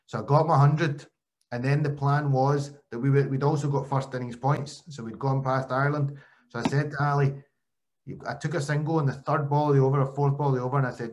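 A man hosts a relaxed podcast conversation. He tells stories animatedly, often restarting his sentences mid-thought. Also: mid-range voice, a little fast. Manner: animated storyteller, frequent restarts. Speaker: podcast host and former cricketer. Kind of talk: casual chat, storytelling.

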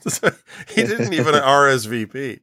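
A man's voice: medium pitch, unhurried, dry recording, studio quality. A middle-aged man co-hosting a podcast, telling stories in casual chat, swearing and laughing often. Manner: animated storyteller, swears, laughs a lot. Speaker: podcast co-host.

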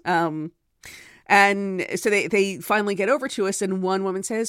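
A woman's voice: mid-range voice, a little fast, fairly bright tone, no room sound, studio quality. A woman hosting her own podcast, telling a story in a chatty, digressive way with self-deprecating asides. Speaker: podcast host and author. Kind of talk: casual storytelling monologue.

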